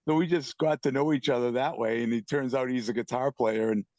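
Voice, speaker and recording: A man's voice: mid-range voice, fairly even intonation, fairly quick, darkish tone, no echo. A man from the Boston area, a band member and guest, telling stories casually and loosely over a video call. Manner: loose, repeats himself while telling stories. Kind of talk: casual storytelling.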